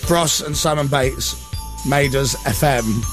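A man's voice: mid-range voice, takes it slowly, music in the background. A man hosting a radio breakfast show in a studio, telling stories in casual, self-mocking banter with his co-hosts. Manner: chatty, self-mocking storytelling.

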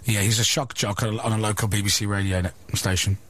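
A man's voice: lowish voice, level tone, fast talker, a bit bright. A man who hosts a radio show, bantering casually and jokily in the studio, with an offhand way of talking. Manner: offhand and joking, trailing off with fillers. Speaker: radio host.

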